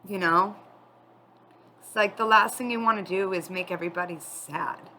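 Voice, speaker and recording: A woman giving a spiritual tarot reading, tearful and crying as she talks in a candid, halting, confiding way. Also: fairly low pitch, pushed and bright, a little hiss or hum, rough recording. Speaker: tarot reader.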